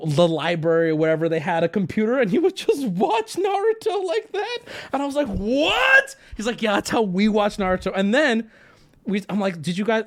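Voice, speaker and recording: Young male streamer, high and lively voice, casual rambling storyteller. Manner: animated, rambling, swears freely, talks to chat.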